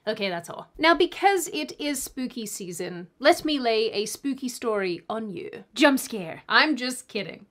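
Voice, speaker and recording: A woman commentator delivering scripted commentary, sarcastic, with quick mock-apologetic asides. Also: on the high side, expressive, fairly bright tone. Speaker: online commentator.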